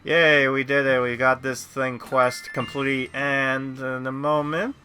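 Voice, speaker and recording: A man's voice: mid-range voice, little pitch movement, slow, over music. A man hosting a casual gameplay video, rambling through his commentary with many restarts. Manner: rambling, lots of fillers and restarts. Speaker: gameplay host.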